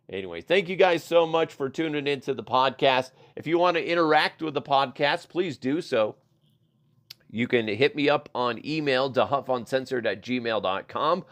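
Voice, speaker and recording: A middle-aged man hosts a podcast, riffing on weird news in a loose comedic style full of swearing, laughter, and silly voices. His mid-range voice is expressive and paced moderately.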